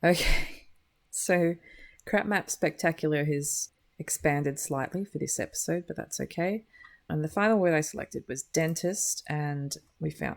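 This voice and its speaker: A woman's voice: low-pitched, vocal fry. A woman giving gameplay commentary with a dry, wry and sarcastic manner. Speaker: gaming video creator.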